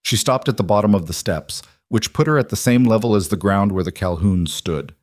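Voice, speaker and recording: A man reading a frontier romance story aloud in measured, even scripted narration. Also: on the low side, dry recording, clean studio sound.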